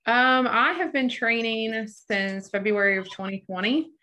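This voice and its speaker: A woman's voice: on the high side, steady tone, a little slow, sharp tone. A bubbly woman in her thirties, a professional wrestler chatting as a guest in an interview. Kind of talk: casual interview chat.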